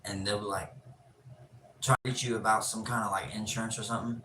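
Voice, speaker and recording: A low-voiced man chats loosely with his live-stream viewers, joking and cursing as he goes. He sounds some way off the mic. His voice rings in a roomy echo over steady ambient noise. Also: quick pace, far from the mic. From Pennsylvania. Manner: laid-back, joking, swears freely. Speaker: livestream host. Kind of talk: casual live-stream chat.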